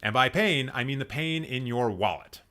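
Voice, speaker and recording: A man's voice: mid-range voice, expressive, normal speed, pushed and bright. A man hosting a casual live stream, playfully roasting people and laughing at his own jokes while he rambles and corrects himself. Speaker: host.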